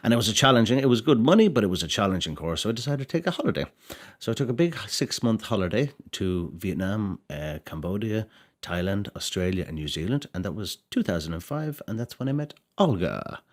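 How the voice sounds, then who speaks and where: A man's voice: on the low side, sing-song, fairly quick. An Irish man in his forties, a podcast guest telling his life story in a rambling, self-correcting way. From Ireland. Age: 40s. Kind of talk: casual life-story chat.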